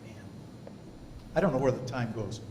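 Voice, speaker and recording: A man's voice: animated, normal speed, darkish tone. A man teaching a Sunday Bible class in a church, earnest and emphatic, reading scripture aloud between his points. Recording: roomy hall reverb, faint rumble.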